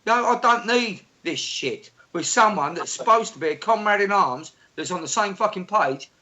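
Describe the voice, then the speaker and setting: Male guest, high, sharp, sweary and stammering. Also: animated, normal speed, dull audio. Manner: sweary, stammering restarts, indignant. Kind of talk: heated casual chat.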